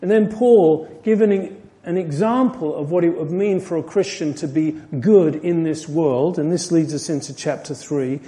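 A man giving an expository Bible teaching in an earnest way. His voice sits fairly high but has a mellow, warm tone. He lifts his voice to stress a point and lets it fall soft at the close. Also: normal speed, hardly any pauses. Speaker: pastor.

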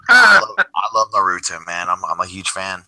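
A man's voice: sits low, huge pitch swings, brisk, heavy background noise. A man co-hosting a podcast, chatting casually and enthusiastically with stammering restarts. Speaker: podcast co-host. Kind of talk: casual chat.

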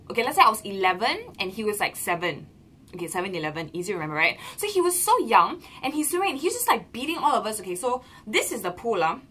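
A young woman with a Malaysian English accent, telling a story in a casual vlog from a small room, bubbly and animated. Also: fairly high pitch, husky. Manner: bubbly, animated, lots of "lah" and "okay". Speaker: vlogger.

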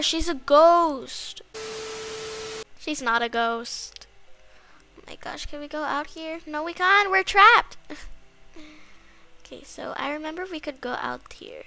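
A woman commenting on her own video game play, excitable and quick to gasp and shriek in fright. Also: high voice, vocal fry. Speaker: gaming channel host. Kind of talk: Roblox gameplay commentary.

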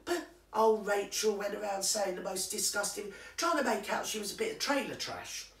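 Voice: medium pitch, moderate pace, fairly bright tone, far from the mic, natural voice. A performer playing a nosy, cheeky older woman who gossips about a friend, chatty and confiding. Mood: gossipy. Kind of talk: comic character monologue to camera. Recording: roomy sound from away from the mic.

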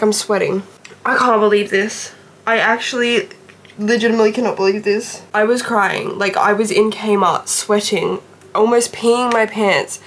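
A woman's voice: fairly high pitch, slight background noise. Giddy, squealing young woman vlogger. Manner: gushing, breathless, squeals in disbelief. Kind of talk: excited casual vlog chat.

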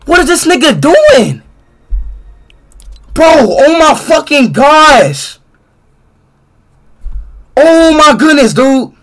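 A young man streaming a game, talking in an excitable, exasperated, profane way that keeps breaking into shouts. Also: very high voice, drawn-out words, long pauses. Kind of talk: live game-stream commentary.

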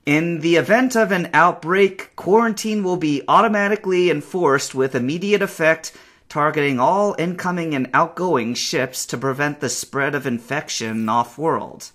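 A man voicing a stranded space survivor who mutters to himself in a halting way. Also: on the high side. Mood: worried. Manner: talks to himself, halting, rising to panicked shouts. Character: stranded male space survivor, anxious and curious. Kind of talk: acted game narration.

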